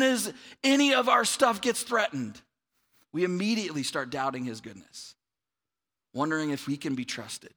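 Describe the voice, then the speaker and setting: A pastor gives a conversational, animated sermon to his church audience, frequently checking in with the room by asking "right?" His voice is a little high, and he speaks at a moderate pace.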